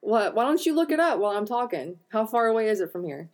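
A woman co-hosting a podcast, chatting casually and telling a true crime story, joking and swearing, often clearing her throat. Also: fairly high pitch, big pitch swings, fast talker, a little mellow. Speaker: podcast co-host.

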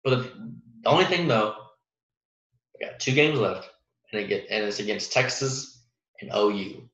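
A man's voice: fairly low pitch, lively intonation, normal speed, fairly bright tone. A young man hosting a casual solo sports podcast, rambling with lots of fillers and restarts and laughing at his own jokes. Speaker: podcast host. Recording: roomy, muffled home recording.

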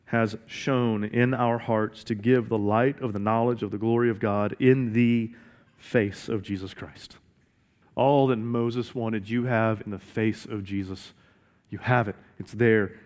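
A man's voice: fairly low pitch, darkish tone. Guy preaching a sermon, earnest, says things twice for emphasis. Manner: earnest, repeats key phrases for emphasis. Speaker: pastor.

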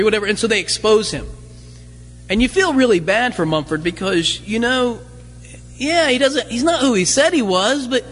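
Very high-pitched and husky, with a fairly bright tone, a man delivers a sermon as pastor. He talks to the congregation casually, firing off rhetorical questions and slipping in light humor, all echoing in a long hall reverb.

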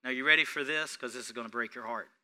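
A male pastor preaching a sermon, speaking straight to his congregation and swinging between hushed, tender passages and loud, rising ones. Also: mid-range voice, fast talker, clean tone. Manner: repetitive, direct address to congregation.

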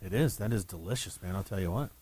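A man's voice: low voice, fast talker, mellow, slightly rough. A man hosting a sports radio show in a studio, teasing his co-hosts and steering the chat. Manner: teasing, wisecracking. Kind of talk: casual radio banter. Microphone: studio microphone.

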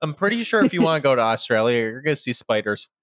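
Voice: mid-range voice, very animated, quick pace, fairly bright tone, no room sound. A podcast co-host joking dryly in a casual chat.

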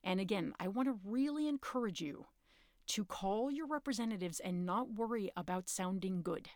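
Woman podcast host, urgent and earnest casual talk, middling pitch, dry close sound. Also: expressive, normal speed, darkish tone, no echo. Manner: earnest, urgent, rises in pitch when emphatic; informal, occasionally curses.

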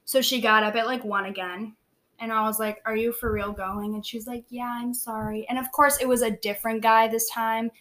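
A teenage girl telling a story in casual chat, talking quickly with lots of "like" and acting out the quoted lines. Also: a little high, flat delivery, fairly bright tone. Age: teens. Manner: chatty, heavy use of "like", acts out quoted lines.

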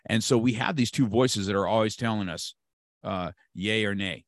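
At a moderate pace and with a voice on the low side, a Californian martial arts teacher of about sixty talks as a guest, recorded without echo. His motivational talk is emphatic, with key phrases repeated for effect.

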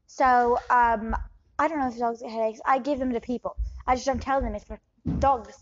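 A woman improvising a shady quack doctor, high-pitched and evasive. She rambles with many pauses and slides between put-on accents. The sound is dull and lo-fi. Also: steady tone, close to an everyday voice. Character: shady scam doctor with shifting fake accents. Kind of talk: improv comedy scene.

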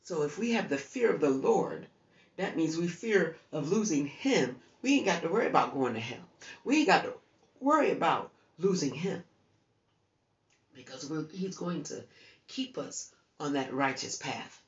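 A woman's voice: low-pitched, lively intonation, moderate pace. A woman from the United States preaching informally in a conversational, urging way while she has the hiccups and keeps yawning. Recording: roomy, distant, dull sound.

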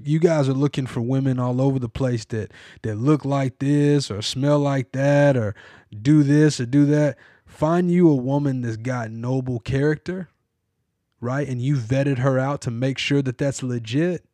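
This man's voice is medium-pitched and mellow, with no echo. Hosting a biblical podcast, he preaches to his audience in a sermon-like monologue of emphatic, repeated advice.

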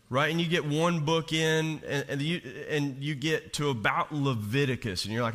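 A man's voice: medium pitch, moderate pace, hardly any pauses, a bit bright. A male pastor preaching a sermon in a church, talking to the congregation with rhetorical questions and acting out quoted voices. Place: church sanctuary. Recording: long hall reverb.

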